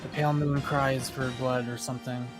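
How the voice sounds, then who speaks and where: A man's voice: medium pitch, little pitch movement, moderate pace, over music. Dry teasing man on a stream. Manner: dry, teasing, swears casually. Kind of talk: casual game stream chat.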